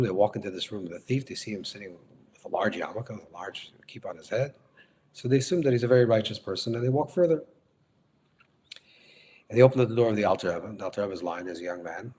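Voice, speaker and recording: A man teaching as a rabbi walks through a story step by step, correcting himself and glossing every Hebrew term in plain English. His voice sits somewhat low, with a faint hiss of noise underneath. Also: mellow. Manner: restates phrases, glosses Hebrew and Yiddish terms in English; unhurried, repeats and corrects himself mid-sentence. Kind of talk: storytelling lecture.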